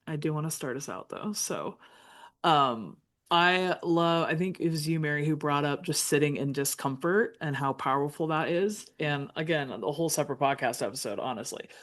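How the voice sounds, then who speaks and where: A woman's voice: deep voice, moderate pace. A woman co-hosting a talk podcast, speaking earnestly in long run-on thoughts full of "like". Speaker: podcast co-host. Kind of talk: casual chat.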